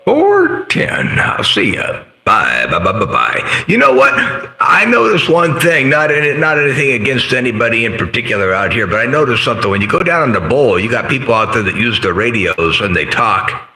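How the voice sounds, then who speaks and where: A man's voice: mid-range voice, sing-song, normal speed, sharp tone, echoey room. A man chatting casually over CB radio as host, rambling and full of radio slang and sign-offs. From central coast of California. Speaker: CB radio operator hosting a live stream.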